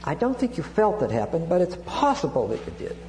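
Brisk and darkish in tone, this man's high-leaning voice swings hugely in pitch. He is preaching an expository sermon from the Bible, teaching with digressions, repeated restarts and Greek words. Echo and hum come from the hall.

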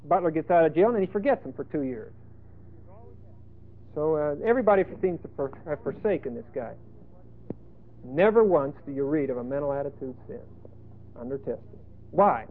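A male preacher giving a folksy sermon, emphatic, with sudden loud bursts and asides. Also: fairly high pitch, animated, moderate pace, pauses often. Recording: tinny phone-like lo-fi sermon tape.

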